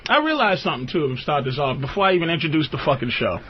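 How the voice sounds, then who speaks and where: Radio host type, man, high lively voice, profane comic ranter, muffled lo-fi broadcast sound. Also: racing, slight background noise. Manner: animated, swings into high squeaky outbursts, laughs often.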